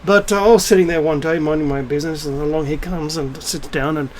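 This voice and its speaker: A man's voice: a little high, steady tone, fast, a little hiss or hum, rough recording. A middle-aged man talking to camera in a casual, blunt and scornful rant, swearing freely. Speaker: spiritual vlogger. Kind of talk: casual ranting monologue.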